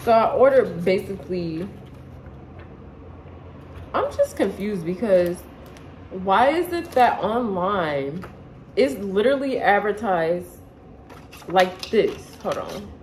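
A young woman chatting casually in her living room, excitable and slangy, as a vlogger showing clothes. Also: medium pitch, slow, long pauses, a little hiss or hum, poor audio. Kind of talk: casual haul video chat.

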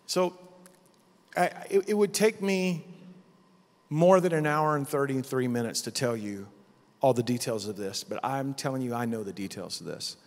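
Animated middle-aged pastor in a big hall. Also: male voice, medium pitch, moderate pace. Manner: animated storytelling, acting out quotes. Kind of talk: conference sermon testimony. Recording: long hall reverb.

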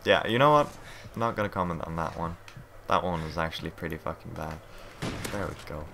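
A gamer with a deep voice gives brisk live commentary on his gameplay, frustrated and swearing as he plays. Game noise is clearly audible behind him.

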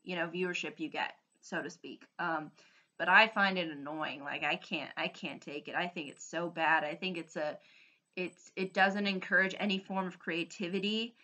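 A woman's voice: fairly low pitch, steady tone, moderate pace, sharp tone. A woman vlogger giving her opinion in a casual, earnest ramble, often restarting her sentences.

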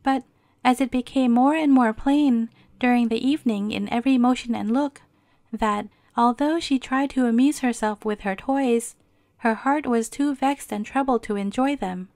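A woman's voice: on the high side, normal speed, a little mellow, no echo, clean studio sound. Woman reading a bedtime story.

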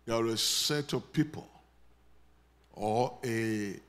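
A man with a Nigerian accent preaching a sermon, leading his congregation in call and response and rising to loud prayer declarations. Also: medium pitch, takes it slowly. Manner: builds to loud declarations when praying over the congregation. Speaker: pastor.

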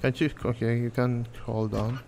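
A man's voice: mid-range voice, level tone, normal speed, creaky, darkish tone, slight background noise. A man giving casual let's-play commentary on a horror game, nervous, jokey and profane, rambling as he goes. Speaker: gameplay channel host.

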